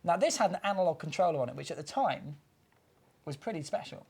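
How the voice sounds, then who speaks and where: Excitable, fast-talking male game show host. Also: on the high side, creaky, slightly rough. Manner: excitable and jokey, laughs often. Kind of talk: enthusiastic studio banter.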